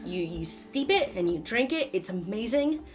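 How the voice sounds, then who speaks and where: A woman's voice: medium pitch, very animated, faint music behind. A woman co-hosting a casual chat, giving enthusiastic tips from her voice acting experience. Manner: unhurried and enthusiastic, gives tips. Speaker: co-host with voice acting background.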